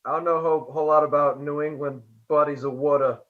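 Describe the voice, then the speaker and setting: A man's voice: fairly high pitch, fairly even intonation, fast talker. A man joining a group call, hesitant and deferential about cutting in. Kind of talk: casual group chat. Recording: dull lo-fi call audio.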